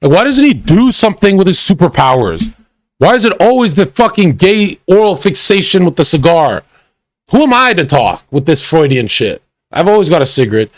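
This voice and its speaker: Male streamer, mocking profane rant, animated pitch, slightly high voice. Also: normal speed, no room sound. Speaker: streamer reacting to a video. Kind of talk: crude livestream commentary.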